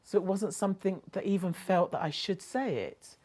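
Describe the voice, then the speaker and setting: A woman, a motivational speaker, telling a personal story expressively. She moves between quiet reflection and animated laughter. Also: medium pitch, moderate pace.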